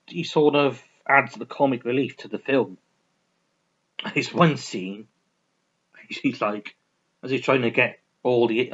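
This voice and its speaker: A man's voice: medium pitch, fairly bright tone. A man rambling casually through a film review, with frequent restarts and the occasional swear word. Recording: dull lo-fi recording.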